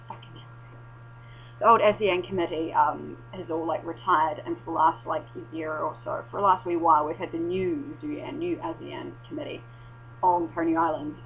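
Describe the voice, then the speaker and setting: A young woman vlogging in casual, rambling chat, swearing and breaking into excited exclamations. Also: on the low side. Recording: dull lo-fi with faint mains hum.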